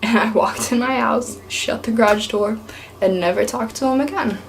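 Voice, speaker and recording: A woman's voice: a little high, normal speed, gravelly, heavy background noise. A young woman from East Tennessee telling a rambling, chatty story to camera, peppered with "like". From East Tennessee, USA. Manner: chatty, rambling, heavy use of "like". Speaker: vlogger.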